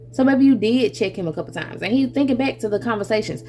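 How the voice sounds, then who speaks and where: A woman giving a casual tarot reading, animated and chatty, who laughs often, swears freely and calls the listener baby and honey. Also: fairly high pitch, quick pace, a little hiss or hum. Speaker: tarot reader.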